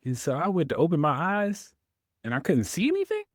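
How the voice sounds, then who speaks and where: A man's voice: a little high, huge pitch swings, quick pace, a little mellow, no room sound, clean studio sound. A man, a veteran guest telling his story in an interview, acting out his own past words.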